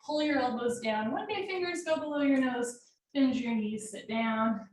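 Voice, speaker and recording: A woman teaching a live yoga class from home, calling out poses in steady, directive short commands. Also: high-pitched, moderate pace. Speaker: yoga instructor. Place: home room. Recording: very echoey room, mic far off, faint noise.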